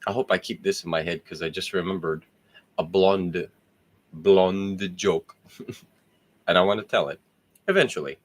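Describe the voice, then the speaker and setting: A man's voice: sits low, takes it slowly, pauses often. A man hosting his own show in a casual, rambling monologue, laughing often and swearing freely. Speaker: host.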